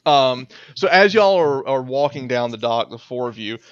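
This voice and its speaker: A man's voice: medium pitch, lively intonation, normal speed, clean tone. A man running a tabletop game as game master, talking casually with many fillers and repeated words. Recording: dull lo-fi audio, dry.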